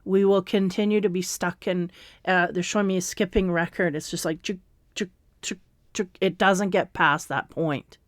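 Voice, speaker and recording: A woman giving a spiritual tarot reading in a slow, meandering, reassuring way, with fillers and soft laughs. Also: lowish voice, steady tone, dry recording, studio quality. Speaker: tarot reader.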